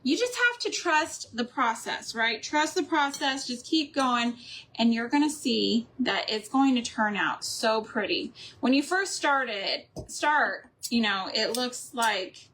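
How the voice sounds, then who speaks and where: A woman's voice: a little high, animated, slow pace, fairly bright tone, a little hiss or hum. Chatty, rambling woman crafting on camera. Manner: rambling, chatty, laughs often. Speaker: craft and homemaking channel host. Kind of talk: casual chat while crafting, answering live chat.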